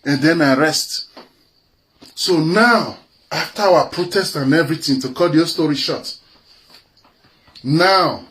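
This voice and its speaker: A Nigerian social media commentator with an Edo (Benin) accent delivers an impassioned, scornful live-video rant that slips into Pidgin, mocking others in put-on quoted voices. His fairly high, fairly bright voice moves slowly with long pauses, over a little hiss or hum.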